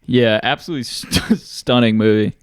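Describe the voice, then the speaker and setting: A man's voice: medium pitch, clean tone, no echo, studio quality. A young man co-hosting a podcast in casual chat, agreeable and playful. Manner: agreeable, playful, quick to laugh along. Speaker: podcast co-host.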